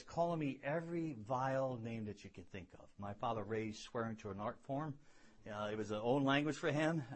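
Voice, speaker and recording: A husky, slightly breathy man preaches a sermon built around his own story. He swings from loud, emphatic peaks down to hushed, quiet lines. He often repeats a word or two as he works toward a point, all at a mid-range pitch. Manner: repeats words when building a point. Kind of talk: sermon with personal testimony.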